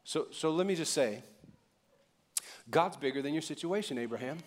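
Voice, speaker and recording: High-voiced man preaching a sermon. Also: lively intonation, moderate pace. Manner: conversational preaching, asks the congregation questions. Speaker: pastor.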